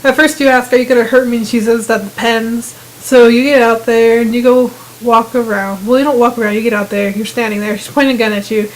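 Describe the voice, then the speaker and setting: A woman's voice: fairly high pitch, fairly even intonation, brisk, few pauses, rough recording. Chatty young-sounding woman retelling gameplay. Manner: chatty retelling with quoted voices. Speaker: gamer narrating gameplay. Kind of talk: casual gameplay commentary.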